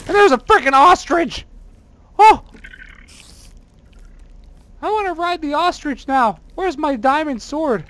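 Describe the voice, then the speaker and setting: A gamer commenting on their own play in a very high voice. They exclaim constantly, whine when things go wrong, and poke fun at their own mistakes. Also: slow, pauses often, slight background noise. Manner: excitable, exclaiming and whining at the game; self-mocking.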